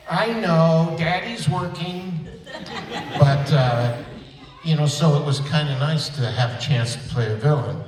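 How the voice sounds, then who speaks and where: A man's voice: lowish voice, a little mellow, a little hiss or hum. An older man, a voice actor on a convention panel, telling stories in a rambling, playful, self-deprecating way. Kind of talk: storytelling panel talk. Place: convention auditorium. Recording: echoey auditorium, distant mic.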